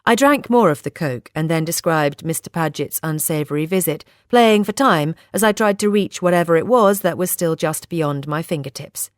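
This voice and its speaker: A woman narrating a first-person novel in a measured, steady reading. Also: low-pitched, no room sound, clean studio sound. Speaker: audiobook narrator.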